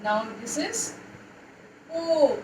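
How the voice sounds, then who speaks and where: A woman teacher leading a phonics lesson for young children, reading words aloud slowly in a sing-song way. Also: sits high, sing-song, noisy background. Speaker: English teacher.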